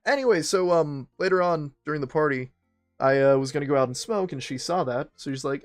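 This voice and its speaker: A young man's voice sitting a touch high for a guy, loose and profane as he rambles through an anecdote while streaming a game. He keeps laughing at himself between run-on sentences. Faint game music hums quietly underneath. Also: expressive. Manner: rambling, profane, self-mocking, quick laughs. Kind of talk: casual storytelling while gaming.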